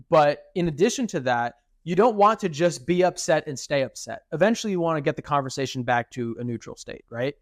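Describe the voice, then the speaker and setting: A young man co-hosting a podcast in casual chat, animated and acting out quoted speech. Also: medium pitch, no echo, studio quality. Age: young adult. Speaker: podcast co-host.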